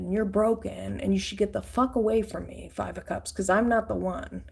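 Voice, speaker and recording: A woman's voice: mid-range voice, fairly even intonation, moderate pace, vocal fry, a little mellow, husky. A woman giving a casual tarot reading in a blunt, profane, rambling way. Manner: loose, rambling with fillers. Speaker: tarot reader.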